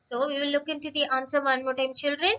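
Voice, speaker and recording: A woman teacher giving a recorded lesson to young children, speaking slowly and patiently, repeating words and often addressing the children. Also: high voice, level tone, sharp tone, muffled recording.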